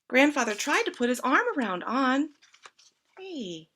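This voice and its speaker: A woman reading a picture book aloud to children, gently inviting the listeners with questions. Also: sits high, animated, moderate pace. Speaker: storyteller.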